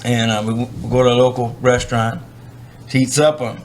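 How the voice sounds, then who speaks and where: A man with a strong Cajun accent, a guest angler telling a funny story in an animated, wry way. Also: mid-range voice, a little fast, slight background noise.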